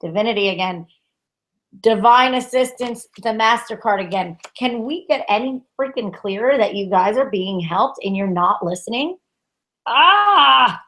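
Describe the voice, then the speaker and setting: A woman co-hosting a tarot chat in a casual, emphatic way, full of "like" and quick laughs. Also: medium pitch. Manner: emphatic, exasperated, laughs often, says "like" a lot. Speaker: co-host tarot reader.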